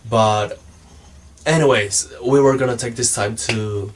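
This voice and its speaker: A man's voice: medium pitch, steady tone, a little slow, slight background noise, poor audio. A man talking casually to camera in a meandering, self-mocking way, losing his thread and filling gaps with ums. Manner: meandering, forgetful, self-mocking, many fillers. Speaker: vlogger. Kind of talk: casual rambling monologue.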